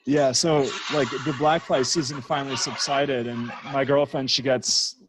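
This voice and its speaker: A man's voice: medium pitch, fairly even intonation, moderate pace, background noise. A man from Canada, a podcast guest, chatting casually and rambling through stories with lots of fillers. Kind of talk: casual chat.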